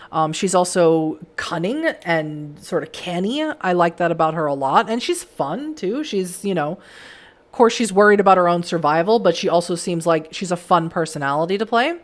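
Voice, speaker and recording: Hoarse woman streamer, chatty wrap-up. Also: fairly low pitch. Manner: chatty, enthusiastic, many fillers. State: hoarse, voice giving out. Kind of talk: casual livestream chat.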